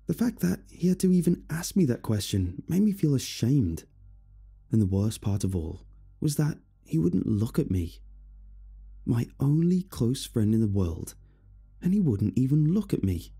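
A man narrating a first-person horror story in a steady, somber manner. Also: mid-range voice, a little slow, gravelly, breathy edge, faint music behind.

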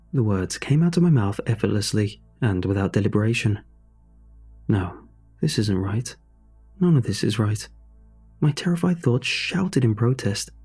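A man narrating a horror story in a measured, suspenseful way. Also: mid-range voice, mellow, breathy edge.

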